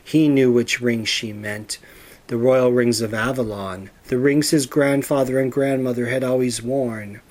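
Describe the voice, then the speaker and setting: A man narrating a storybook in a steady, measured reading voice. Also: mid-range voice.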